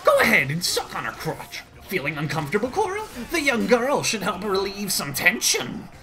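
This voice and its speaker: A man's voice: sits high, huge pitch swings, moderate pace, voice pushed up, heavily acted. A man voicing a smarmy male comic-book villain with an oily, smug manner.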